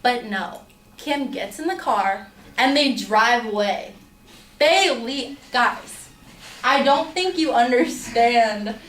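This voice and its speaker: Young woman storyteller, slightly high voice, chatty filler-heavy delivery, roomy distant mic. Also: takes it slowly, fairly bright tone, slight background noise. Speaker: student storyteller. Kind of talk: personal story told to an audience.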